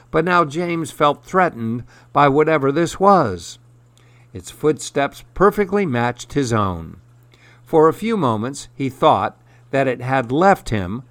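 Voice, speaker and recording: Male narrator, slow and measured, dry close sound, for spooky short stories. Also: medium pitch, dry recording. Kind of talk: scripted horror story narration.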